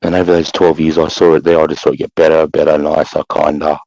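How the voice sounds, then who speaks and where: A deep-voiced Australian man talks bluntly on a livestream, peppering his lines with mate and swearing. His voice sits low and the sound is dry and close. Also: level tone, fast talker, creaky, mellow, no room sound, lo-fi sound. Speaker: livestream co-host. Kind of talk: casual chat.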